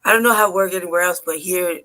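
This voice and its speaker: High, bright-voiced man telling a story. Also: quick pace. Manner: animated, profane, rambling with frequent fillers. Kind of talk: casual storytelling chat.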